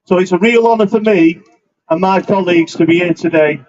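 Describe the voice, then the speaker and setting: A local councillor, giving an earnest, plain-spoken and slightly halting speech at an outdoor demonstration. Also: male voice, high voice, a little mellow. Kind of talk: short speech at a rally. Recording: muffled lo-fi outdoor recording.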